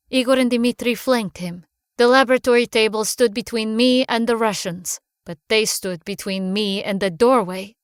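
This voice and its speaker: A woman reading a first-person horror story aloud in a measured, hushed manner. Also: mid-range voice, clear, resonant tone, no room sound, clean studio sound. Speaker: narrator. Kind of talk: scripted horror narration.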